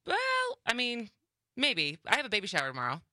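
Young woman chatting on air, bright voice, lots of ums and laughs. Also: a little high, wildly swooping pitch, a little fast, no room sound, studio quality. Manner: chatty, laughs often, many fillers. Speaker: radio co-host. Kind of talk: casual radio talk.

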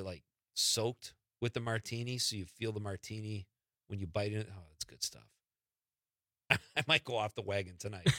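Male radio host, bright, dry studio sound, relaxed and chuckling. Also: on the low side, dry recording. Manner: easygoing, chuckling, reads texts aloud. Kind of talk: late-night call-in radio chat. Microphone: studio microphone.

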